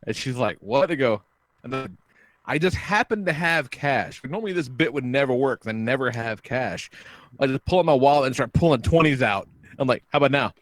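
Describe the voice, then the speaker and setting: Profane, animated storytelling man. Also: medium pitch, brisk, dry recording. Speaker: podcast host. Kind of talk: casual storytelling chat.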